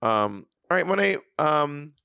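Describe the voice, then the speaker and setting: A man in his thirties from New York co-hosting a podcast in campy, animated casual chat. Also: on the high side, a little slow, creaky, smooth. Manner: campy, animated storyteller, breaks into shouted stage hype. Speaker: podcast co-host.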